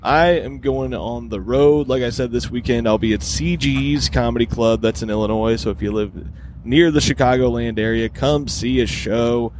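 A man hosting a podcast, talking in a laid-back, rambling way and swearing casually. His voice sits at an ordinary middle pitch, with faint noise in the background. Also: normal speed, darkish tone. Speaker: podcast host, stand-up comedian.

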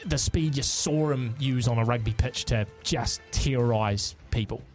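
A man's voice: mid-range voice, normal speed, soft background music. A man co-hosting a sports radio show, joking and running a draft game in casual banter. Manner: animated, joking, runs the draft picks. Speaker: radio co-host.

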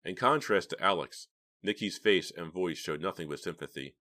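Deep-voiced male audiobook narrator. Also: animated, normal speed, bright, forceful tone. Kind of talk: scripted narration.

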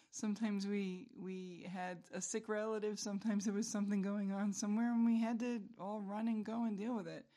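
A woman's voice: mid-range voice, flat delivery, fairly quick, hardly any pauses, warm tone. A middle-aged woman hosting a solo podcast, rambling through a casual monologue with self-mocking humor and frequent chuckles. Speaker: podcast host.

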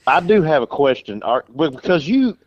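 Animated man full of laughs. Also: a little high, moderate pace, no room sound, lo-fi sound. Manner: laughs a lot, jokes, very animated. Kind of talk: casual podcast chat.

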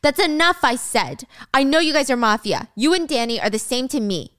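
A woman voicing a calm, fearless teenage schoolgirl who speaks flatly and coolly. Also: high-pitched, brisk, dry recording, studio quality. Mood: cold. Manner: flat, calm, unafraid. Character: cold, fearless teen schoolgirl.

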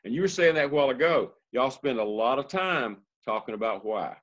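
A man's voice: mid-range voice, animated, fairly quick, a bit bright. An older man, a basketball coach hosting a podcast, speaking in an earnest, reflective, plainspoken way. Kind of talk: casual podcast interview. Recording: slightly muffled audio.

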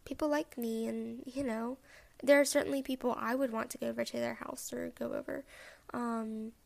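A young woman hosting a podcast, talking reflectively and haltingly with many ums, open about her feelings. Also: a little high, steady tone, vocal fry. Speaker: podcast host. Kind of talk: personal reflective podcast talk.

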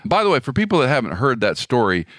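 An older man interviewing his guest in a measured, reflective way during a casual conversation. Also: mid-range voice, very animated, a bit bright, dry recording, studio quality.

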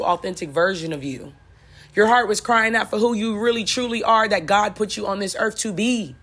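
A woman's voice: medium pitch, a bit bright. A woman giving a blunt, profane motivational talk, repeating lines for emphasis and laughing at her own jokes. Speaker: spiritual motivational speaker. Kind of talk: preachy motivational monologue.

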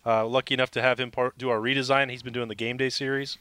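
A man's voice: medium pitch, little pitch movement, fast talker, bright, forceful tone, smooth, no room sound. A man co-hosting a casual sports podcast, talking eagerly through the analysis. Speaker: regular podcast co-host.

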